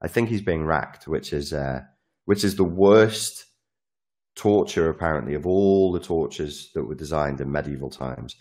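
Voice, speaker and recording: A man with a very deep voice talks through a casual, animated monologue. He swears freely, jumps between asides, and slips into little performances of the lines he quotes. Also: moderate pace.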